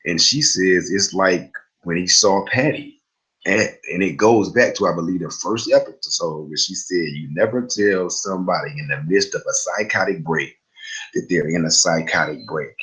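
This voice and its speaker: A man's voice: low voice, moderate pace, fairly bright tone, poor audio. A young man recapping a TV episode in a loose, chatty way, full of asides and fillers. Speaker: TV recap host.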